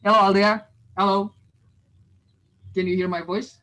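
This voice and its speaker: A man's voice: sits high, little pitch movement, moderate pace, pushed and bright, poor audio. An Indonesian man teaching English in a casual online class, chatty and switching languages, heard over a video call.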